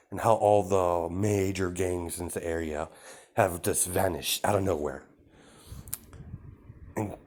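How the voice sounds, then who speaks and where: A reader voicing a gruff man, a suspicious hero investigator who talks bluntly and accusingly, in an improvised fan story read-aloud. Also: deep voice.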